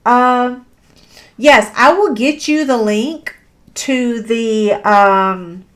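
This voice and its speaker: A woman's voice: on the high side, extremely slow, fairly bright tone. Chatty woman teaching a papercraft tutorial. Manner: chatty and self-deprecating, many fillers. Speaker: paper craft instructor. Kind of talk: live crafting tutorial.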